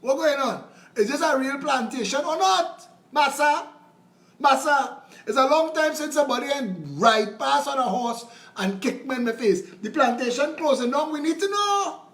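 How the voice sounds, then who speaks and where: A man's voice: very high voice, reverberant, voice pushed up, exaggerated voice. A man with a Trinidadian accent voicing a sarcastic enslaved man who mockingly begs his master for harsher treatment. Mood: mock complaint. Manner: mocking, excited, rapid dialect complaints.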